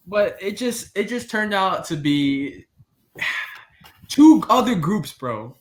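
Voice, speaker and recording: A man in his twenties, co-hosting a podcast, telling a story in animated casual chat and acting out the people in it. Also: high-pitched, slow, echoey room. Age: 20s. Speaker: podcast co-host.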